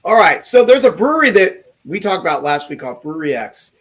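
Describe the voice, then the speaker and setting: A man's voice: sits high, sing-song, fast, a bit bright. A man from California co-hosting a podcast, chatty and jokey as he tells stories. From California, USA. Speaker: podcast co-host. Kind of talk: casual chat.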